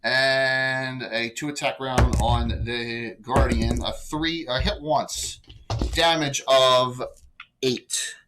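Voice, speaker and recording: A man running a tabletop game as game master, chatty and loose, with quick rules asides. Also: mid-range voice, steady tone, noisy background.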